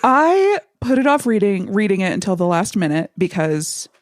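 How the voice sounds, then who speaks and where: A woman's voice: medium pitch, very animated, moderate pace, dry recording. Giggly woman on a dry mic. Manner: giggly, rambling, self-deprecating. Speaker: podcast co-host. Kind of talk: casual chat.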